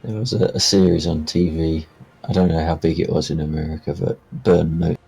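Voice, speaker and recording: A man, a co-player on a live stream, chatting casually with deadpan jokes. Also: a bass voice, a little fast, gravelly, slightly rough, faint music behind. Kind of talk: casual chat.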